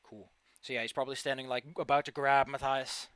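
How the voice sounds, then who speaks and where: A man's voice: medium pitch, little pitch movement, brisk, a bit bright, clear, resonant tone, dry recording. A man running a tabletop game as game master, chatty and laughing often as he narrates.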